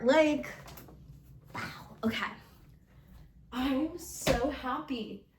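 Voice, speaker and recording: Her voice is fairly high and expressive, her pace a little slow. The young woman vlogs casually from a room at home, building furniture and rambling through a giddy storytime chat full of squeals and fillers.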